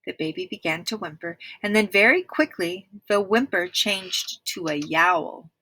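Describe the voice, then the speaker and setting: A woman reading a children's book aloud with clear, expressive storytelling, now and then speaking to listeners. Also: fairly low pitch, unhurried, dry recording, rough recording. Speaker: reader.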